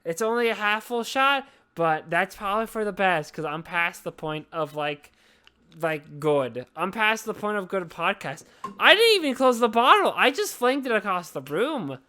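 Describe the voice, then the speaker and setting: A woman's voice: on the low side, animated, moderate pace, pushed and bright. A drunk woman hosting a casual podcast chat, rambling, swearing and apologizing over and over. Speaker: podcast host.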